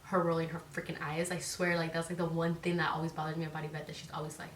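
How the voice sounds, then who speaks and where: A woman's voice: sits low, level tone, fast talker, slight background noise. Chatty woman in an echoey room. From Northern California. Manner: chatty, heavy on "like" fillers, swears freely. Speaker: vlogger. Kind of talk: casual chat to camera. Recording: echoey room, voice a bit distant.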